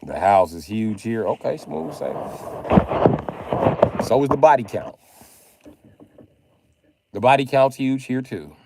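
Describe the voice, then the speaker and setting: A man ranting on a casual livestream, profane and loud, breaking into high mock pleading. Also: lively intonation, a little slow, creaky, pauses often, heavy background noise.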